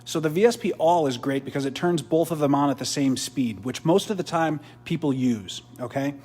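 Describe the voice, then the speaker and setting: A man's voice: on the high side, fairly quick, a little mellow, husky. A man hosting a live product demo beside a swim spa, chatty, explaining as he goes with restarts. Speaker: host and triathlon coach.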